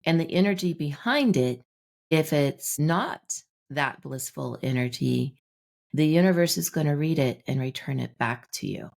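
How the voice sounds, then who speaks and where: Woman on a podcast explaining stuff, gravelly voice, tells little stories. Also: deep voice, animated, a little slow, a little mellow. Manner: explanatory, tells anecdotes with acted-out dialogue. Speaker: guest, manifestation teacher. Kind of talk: podcast interview.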